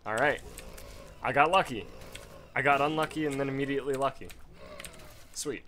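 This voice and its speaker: A man's voice: medium pitch, normal speed, sharp tone, a little hiss or hum. A man giving casual gameplay commentary from home at a desk mic, rambling into a profane story. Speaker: let's play gamer.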